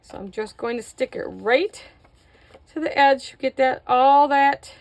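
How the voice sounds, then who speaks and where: A woman's voice: high-pitched, measured pace. Chatty woman narrating a craft tutorial. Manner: chatty, self-mocking, talks to viewers while working. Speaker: craft video host.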